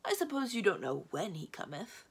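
A woman reading aloud and voicing a melodramatic male dark wizard who is worn out by his duty of evil. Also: mid-range voice, sing-song, normal speed, gravelly, slightly rough, full character voice. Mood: eager. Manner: plaintive and theatrical.

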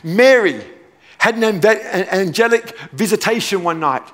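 Emphatic preacher, high voice. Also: male voice, expressive, measured pace, a bit bright. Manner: emphatic, repeats key phrases, playful asides. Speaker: pastor. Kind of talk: sermon. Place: large church auditorium. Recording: long church hall reverb.

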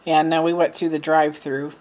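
A middle-aged woman vlogging to her viewers in a rambling, frustrated, venting way, with a low voice. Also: flat delivery, fairly quick, darkish tone. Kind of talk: casual chat to camera.

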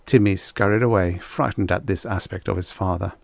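A man narrating a vintage science fiction story in an expressive, theatrical way, with a slightly croaky voice. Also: low-pitched, a little fast, no echo, studio quality. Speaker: audiobook narrator. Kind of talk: scripted narration.

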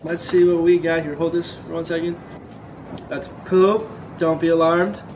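A man doing improvised comedy bits with strangers, goofy and deadpan with absurd jokes. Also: fairly high pitch, moderate pace, echoey room, recorded from a distance, soft background music.

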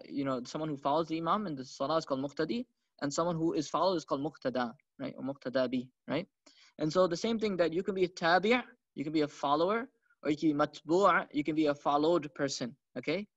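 A man gives a religious lecture in a high, quick voice, talking conversationally and tossing in rhetorical questions. The sound is dry and close, with a dull, slightly lo-fi tone. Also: a bit bright, no room sound. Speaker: Islamic teacher.

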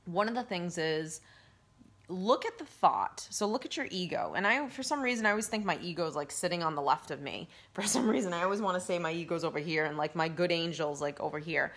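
A woman life coach giving casual self-help advice to camera, earnest and gently coaching, with lots of fillers. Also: lowish voice, animated, brisk. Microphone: handheld phone camera.

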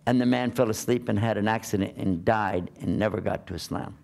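A man's voice: lowish voice, fairly quick, creaky, a little mellow. A man giving a conversational sermon, asking his listeners rhetorical questions as he preaches. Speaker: Islamic preacher.

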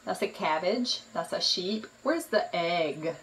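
A mother in playful talk with her baby, slow, sing-song and encouraging. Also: lowish voice, animated, fairly bright tone, distant mic, poor audio.

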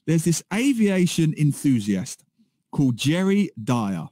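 A man co-hosting a radio show, telling a story in a lively, animated way in casual chat. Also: fairly high pitch, unhurried, no room sound, studio quality. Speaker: radio co-host. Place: radio studio.

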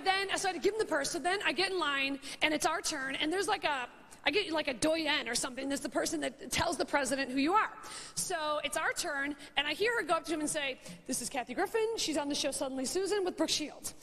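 A woman's voice: high voice, fast, sharp tone. A woman in her thirties doing stand-up, rambling and self-mocking as she acts out the people in her story. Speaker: stand-up comedian. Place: stage before a live audience. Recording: audience laughter and faint noise.

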